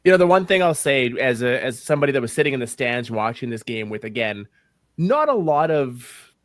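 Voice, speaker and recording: A man talking football on a podcast in an easy, conversational way. He is opinionated and sometimes pauses to hunt for the right word. His voice sits in a middle register and sounds close and dry. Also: medium pitch, sing-song, no echo. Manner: conversational, searches for words, opinionated. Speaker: podcast co-host. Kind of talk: casual sports chat.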